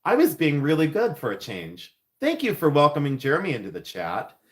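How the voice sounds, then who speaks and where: A man with a high-leaning voice and huge pitch swings talks fairly quickly. He's a silversmith livestreaming from his jewelry studio, chatting casually and effusively with viewers, laughing often and thanking them.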